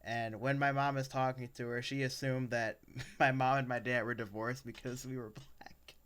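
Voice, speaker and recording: A man's voice: mid-range voice, level tone, moderate pace, a bit bright, clean tone. A young adult man co-hosting a podcast, telling personal stories in a casual chat that rambles, with lots of fillers and restarts. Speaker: podcast co-host.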